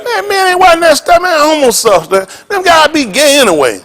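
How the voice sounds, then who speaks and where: A man preaching as pastor in a joking, rambling sermon, animated and laughing often with loud exclamations. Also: extremely high pitch, fairly quick, crowd noise.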